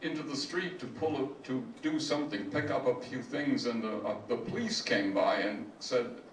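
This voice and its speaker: An older man giving a slow, digressive, self-deprecating talk about reciting ancient verse, as an amateur classics reciter. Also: medium pitch. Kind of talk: spoken lecture with recitation. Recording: echoey room, mic at a distance, faint hiss.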